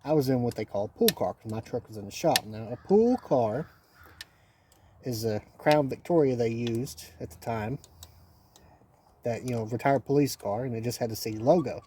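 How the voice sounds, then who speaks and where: A man's voice: mid-range voice, animated, moderate pace, mellow, a little hiss or hum. Folksy man telling a story in the garage. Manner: rambling, folksy, repeats phrases. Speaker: channel host working on an old three-wheeler. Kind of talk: casual storytelling while wrenching.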